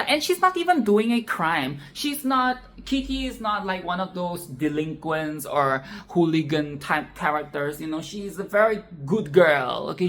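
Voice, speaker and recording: A woman giving casual, expressive film commentary, swearing freely and repeating phrases for emphasis. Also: lowish voice, slight background noise.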